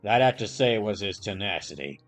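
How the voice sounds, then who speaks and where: Man doing a low gravelly gangster voice, older-brother tough guy, quiet and gruff, tacks on a "see?", voicing game dialogue. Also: expressive, fairly quick, soft background music. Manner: ends lines with a gangster-style "see?".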